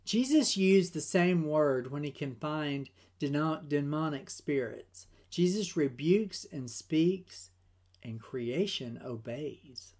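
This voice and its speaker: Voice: medium pitch, lively intonation, slow, a little mellow. A Bible study teacher giving a scripted devotional lesson in an earnest, emphatic way, with a few restarts.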